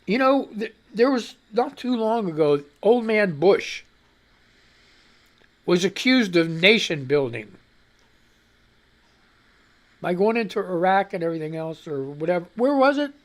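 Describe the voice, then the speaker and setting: A woman's voice: lowish voice, animated, measured pace, pauses often. Brief: woman host of a live radio news show, rambling and riled up. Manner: rambling, growing angry and exasperated.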